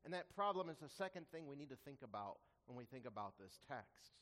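A man preaching a sermon as a pastor, earnest, asking rhetorical questions and slowing down to stress quoted scripture. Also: mid-range voice, very animated, a bit bright, big-room sound. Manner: earnest, rhetorical questions, slows for emphasis when quoting scripture.

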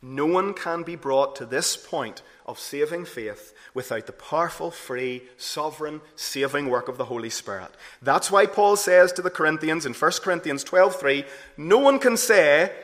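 A man preaching a sermon earnestly, rising to emphatic peaks and then dropping low and soft. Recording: long hall reverb.

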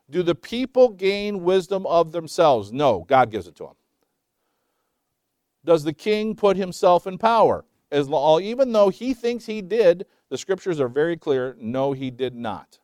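A man's voice: fairly high pitch, sing-song, measured pace, pauses often, dry recording, clean studio sound. Man preaching, with rhetorical questions. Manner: rhetorical questions, swings from loud to hushed. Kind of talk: sermon.

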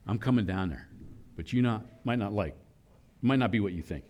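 A man preaching a sermon, animated, acting out voices in quoted lines. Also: lowish voice, brisk. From Philadelphia area. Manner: animated preaching, voicing God and children in quotes. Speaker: pastor.

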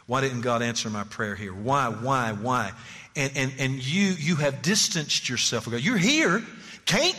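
A man's voice: medium pitch, slightly rough. A man preaching a sermon as pastor, pleading and emphatic, often repeating words as he presses a point. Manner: animated, pleading, emphatic repetitions. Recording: long church-hall reverb.

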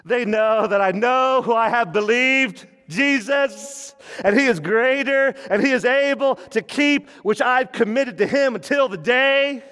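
A man preaching a sermon, animated and full of questions to the congregation, with sudden drops into low, quiet warnings. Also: unhurried, hardly any pauses. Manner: animated, swings between loud emphasis and quiet low warnings; asks the congregation questions and answers them. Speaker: pastor. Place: church sanctuary. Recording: long reverb of a church hall.

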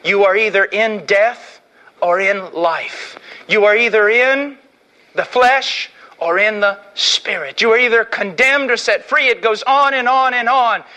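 A middle-aged man preaching an impassioned sermon, swinging from hushed, slow lines to shouted ones. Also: high-pitched.

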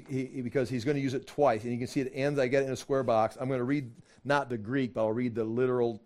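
A man teaching a casual Bible study, acting out the dialogue in his own voice and laughing as he gets animated. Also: mid-range voice.

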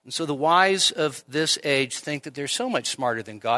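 Lively high-voiced male preacher. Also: moderate pace. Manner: lively expository preaching with rhetorical questions. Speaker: pastor. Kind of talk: sermon. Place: church midweek service.

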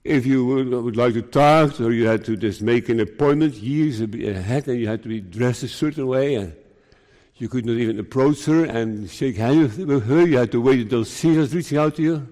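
A man preaching a sermon in a slow, emphatic way, raising his pitch to stress his points. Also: mellow. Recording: long hall reverb.

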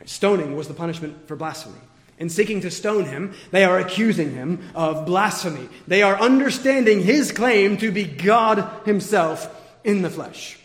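A man preaching an expository sermon with emphatic points that swing from forceful to quiet. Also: sits high, lively intonation, moderate pace. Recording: echoey hall with long reverb.

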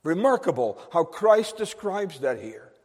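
A man with a notably high voice delivers an emphatic sermon to his congregation. He repeats phrases for weight, and his words ring out with a long reverb in the church hall. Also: very animated, unhurried, a little mellow. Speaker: pastor.

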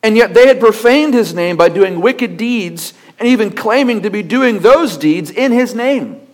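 A male pastor preaching a sermon with emphatic delivery, rhetorical questions and steady repetition. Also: high-pitched, unhurried.

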